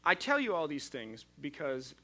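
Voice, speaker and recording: A man's voice: a little high, big pitch swings, moderate pace, sharp tone. A male pastor preaching a sermon in a conversational, storytelling way, often restarting his sentences.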